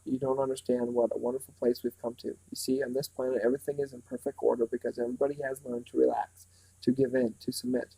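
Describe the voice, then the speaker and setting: A man reading as an eerily calm possessed little boy. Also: medium pitch, creaky, slightly rough, rough recording. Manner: calm, reasonable, slightly loud. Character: small boy taken over, eerily calm and reasonable.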